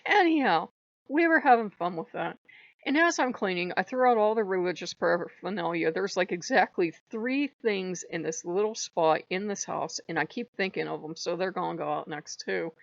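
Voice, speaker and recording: A woman's voice: on the low side, expressive, normal speed, creaky, no echo. A woman hosting a casual spiritual vlog, talking bluntly and animatedly, swearing freely and laughing often. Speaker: channel host. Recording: dry, dull lo-fi recording.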